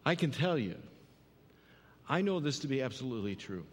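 A man's voice: mid-range voice, very animated, a little fast, breathy edge. A man preaching a sermon in earnest, often repeating phrases and checking in with "right?". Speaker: pastor. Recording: long hall reverb.

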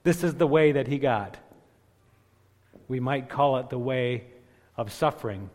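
A man preaching a sermon, slowing on key phrases and building to loud emphatic peaks. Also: medium pitch. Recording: long echoing reverb of a large hall.

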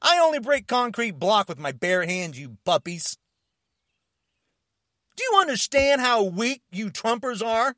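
A man delivering an angry, confrontational rant to camera, shouting and challenging his listeners. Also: sits high, very animated, measured pace, no room sound, studio quality.

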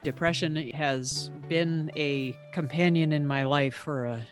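Woman, podcast host, measured, unhurried reflective narration. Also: deep voice, steady tone, soft background music. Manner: gentle, contemplative, measured.

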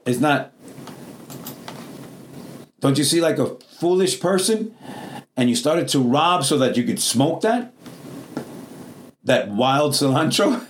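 A man's voice: on the high side, expressive, slow, pauses often, slight background noise. A middle-aged man preaching a Pentecostal sermon in a church, calling out to the congregation, in non-native English phrasing. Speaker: pastor.

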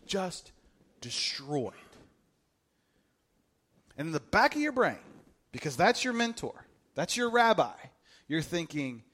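A man's voice: high voice, a little slow, long pauses. A man preaching a sermon to a congregation in a casual, joking way, acting out voices as he tells the story. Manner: humorous, animated, acts out quoted voices. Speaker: pastor.

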